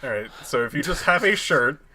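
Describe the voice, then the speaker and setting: A man's voice: mid-range voice, lively intonation, brisk, bright, forceful tone. A man playing a tabletop game, playful and laughing often. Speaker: player. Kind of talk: casual tabletop game play.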